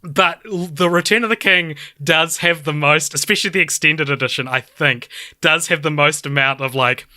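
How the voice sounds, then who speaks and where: A man co-hosting a podcast in casual film chat, excitable and laughing, with lots of "like" fillers. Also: on the high side, normal speed, hardly any pauses, no room sound, studio quality. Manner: excitable, laughing, heavy use of "like". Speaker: podcast co-host.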